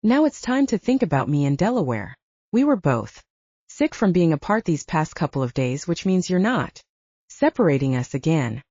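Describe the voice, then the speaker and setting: A woman's voice: very animated, normal speed, warm tone, no echo, muffled recording, exaggerated voice. A woman reading the lines of a possessive young male rockstar in an audiobook, curt and profane. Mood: angry. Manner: low, terse and profane.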